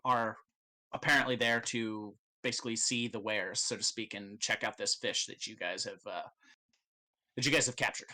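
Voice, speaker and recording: A man's voice: mid-range voice, sharp tone. A man narrating as game master of a tabletop role-playing game, in a casual, rambling way with profanity and frequent laughs.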